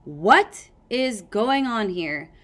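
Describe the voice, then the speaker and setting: A woman puts on a huge red she-dragon from a storybook, a harsh, booming teacher who barks orders and growls her scolding. The voice rides loud and a little high over the reader's own. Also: lively intonation, moderate pace. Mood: demanding. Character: stern enormous red female dragon teacher.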